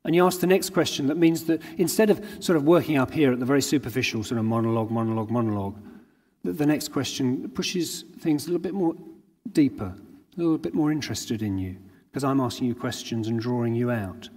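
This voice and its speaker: A man's voice: mid-range voice, animated, fast talker, a little mellow. A man giving an earnest sermon at a conference, drawing on everyday anecdotes to make his points. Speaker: conference speaker. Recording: long hall reverb.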